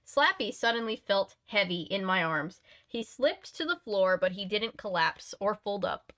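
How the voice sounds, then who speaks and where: A woman's voice: medium pitch, lively intonation, unhurried, bright, forceful tone. A woman streamer reading a children's horror book aloud, chatting casually with her viewers between passages. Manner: chatty, uses many fillers. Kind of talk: read-aloud narration with casual chat.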